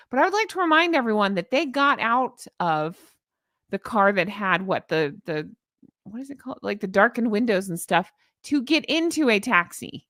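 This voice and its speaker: A woman's voice: medium pitch, no echo. Middle aged woman ranting on her stream, sarcastic, dry close mic, reads stuff and thanks chat. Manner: sarcastic, animated, talks to live chat. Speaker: commentary channel host. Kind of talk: casual opinion chat with live chat.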